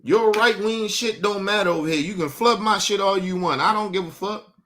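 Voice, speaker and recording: A man rants into his streaming mic at a high pitch, talking straight to the viewers in his chat. His voice is bright and forceful, and his mocking, profane delivery stays combative throughout. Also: a little fast. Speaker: livestream host. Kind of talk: profane livestream rant to chat. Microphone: streaming setup mic.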